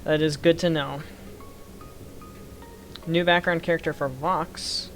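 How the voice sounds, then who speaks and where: A man's voice: a little high, creaky. Chatty young man streaming with music behind. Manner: chatty, reacting to chat, quick excited outbursts. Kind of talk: casual live-stream chat. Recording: game music playing behind.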